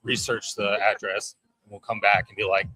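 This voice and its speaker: Male founder from Texas, casual and filler-heavy, bright tone. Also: lowish voice, level tone, moderate pace, slightly rough, rough recording. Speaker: startup founder. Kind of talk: casual pitch explanation.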